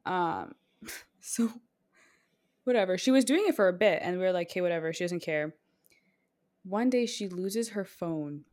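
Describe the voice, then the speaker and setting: A young woman co-hosting a casual podcast, telling a rambling school story with quick bursts of speech and frequent laughs. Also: on the low side, lively intonation, a little mellow. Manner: chatty storytelling, laughs often, speeds up in bursts. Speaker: podcast co-host. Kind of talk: casual chat.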